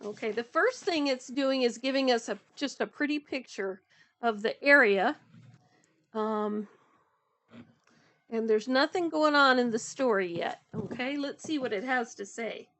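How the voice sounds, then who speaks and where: A woman reading a picture book to children, with gentle, chatty asides to her young listeners. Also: on the high side, unhurried. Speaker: storyteller for children.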